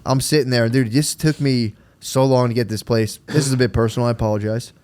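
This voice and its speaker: A man's voice: mid-range voice, steady tone, fast, a little mellow. A man in his thirties co-hosting a casual podcast, telling stories with lots of swearing and "dude". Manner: swearing storyteller, says "dude" constantly. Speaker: podcast co-host. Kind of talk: casual chat.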